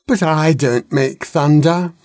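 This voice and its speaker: A man's voice: fairly high pitch, darkish tone, no room sound, clean studio sound, pitched above the performer's own voice. A man voicing an ancient, wise old dragon who drones and grumbles in a storybook reading. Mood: grumbling. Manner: droning, slow.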